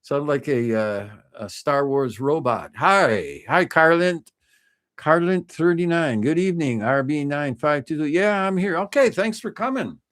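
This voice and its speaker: A man's voice: fairly high pitch, animated, measured pace, fairly bright tone. Rambling middle-aged man chatting on a livestream. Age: 50s. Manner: rambling, many restarts and fillers, chatty with viewers. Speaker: livestream host. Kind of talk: casual livestream chat. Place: home desk, indoors.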